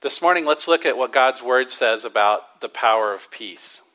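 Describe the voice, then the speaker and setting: Guy preaching a sermon in church, bright forward voice, slows way down to hit words then goes real quiet. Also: mid-range voice, lively intonation, rough recording. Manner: emphatic preaching with drawn-out stresses and sudden soft drops. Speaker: pastor.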